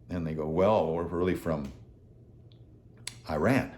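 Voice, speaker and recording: A man's voice: low-pitched, very animated, moderate pace, long pauses, a little mellow. A man in his seventies giving an earnest, motivational talk to viewers as host, telling stories with animation. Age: 70s.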